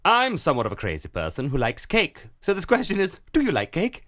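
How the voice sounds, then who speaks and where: A man hosting a casual podcast, reading listener emails aloud in an animated way and laughing easily. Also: fairly high pitch, brisk. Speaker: podcast host.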